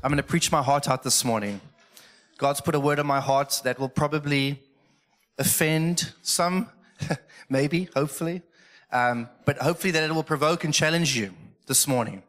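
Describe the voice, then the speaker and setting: A man's voice: a little high, normal speed, fairly bright tone, soft background music. A middle-aged male pastor preaching a conversational sermon from a church stage, earnest and emotional.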